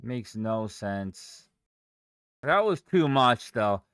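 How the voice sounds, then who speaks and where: Young male day-trader ranting on a live stream, swearing freely, voice swinging up and down, unhurried, recorded dry and close. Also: medium pitch, big pitch swings, fairly bright tone, smooth, no room sound. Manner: profane, exasperated outbursts.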